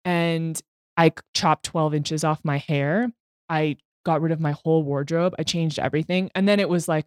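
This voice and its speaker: A woman's voice: deep voice, steady tone, normal speed, clear, resonant tone, dry recording. Woman, podcast guest, candid, swears casually, self-deprecating, dry close sound. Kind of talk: candid conversational interview.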